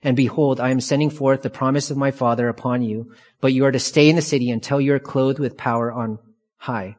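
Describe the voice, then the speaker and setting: A man of middle pitch delivers a verse-by-verse sermon, slow and emphatic, leaning on repeated phrases. His voice rings with the long reverb of a large church hall. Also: steady tone, a little mellow. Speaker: pastor. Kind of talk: expository sermon.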